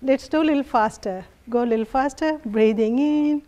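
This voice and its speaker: A woman yoga instructor guiding a family class in a gentle, encouraging way, often laughing softly. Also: high-pitched, normal speed.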